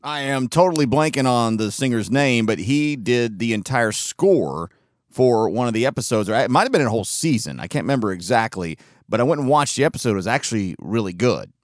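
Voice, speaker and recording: A man's voice: medium pitch, expressive, fairly quick, dry recording, clean studio sound. A man hosting his own podcast in casual chat, rambling with frequent fillers and laughing as he goes. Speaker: podcast host.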